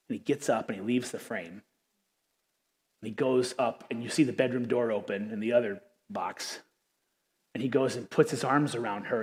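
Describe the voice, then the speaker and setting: Animated pastor in a reverberant hall. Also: male voice, medium pitch. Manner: animated, conversational storytelling. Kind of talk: sermon. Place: church auditorium.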